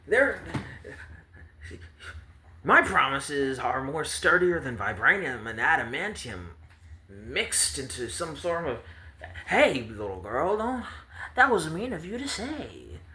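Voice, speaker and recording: A man's voice: a little high, very animated, takes it slowly, pauses often, bright, forceful tone, a little hiss or hum, pitched above the performer's own voice, exaggerated voice. A man voicing a naive, boastful young male hero who is earnest and self-praising. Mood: indignant boasting. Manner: showy, self-praising, indignant. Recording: roomy echo with faint ambience.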